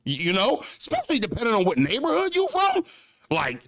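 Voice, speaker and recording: Animated, profane American storyteller man. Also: sits high, brisk, no room sound. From United States. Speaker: vlogger. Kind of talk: casual storytelling vlog.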